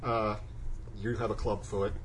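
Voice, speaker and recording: A man's voice: on the low side, little pitch movement, measured pace, a little hiss or hum, low-quality recording. A man co-hosting a casual podcast, chatting about cigars and sports in an easygoing way, often laughing and trailing off with fillers. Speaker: podcast co-host.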